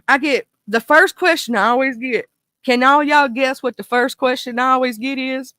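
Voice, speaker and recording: Bright, goofy Mississippi-accented woman. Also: high-pitched, normal speed, dry recording. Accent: Mississippi Southern US. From small town in northern Mississippi, USA. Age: 30s. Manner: goofy, animated, talkative, goes off on tangents. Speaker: livestream host. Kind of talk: casual livestream commentary chat.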